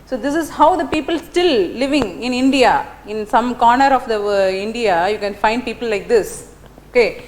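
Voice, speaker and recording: A woman's voice: on the high side, lively intonation, moderate pace. A middle-aged woman giving a classroom lecture, telling stories animatedly with many fillers and tag questions. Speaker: teacher.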